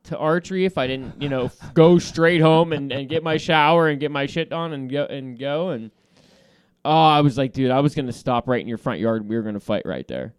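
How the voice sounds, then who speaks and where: Smooth-voiced man telling a story. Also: medium pitch, brisk, no echo, studio quality. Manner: animated storytelling with profanity and laughter. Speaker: podcast host. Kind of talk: casual podcast banter.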